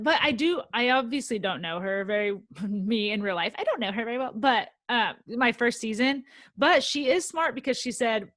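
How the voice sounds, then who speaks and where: Podcast co-host, female, higher voice, chatty reality-TV gossip, close dry mic. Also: fairly bright tone, dry recording. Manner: chatty, quick, lots of "like". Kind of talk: casual chat about reality TV.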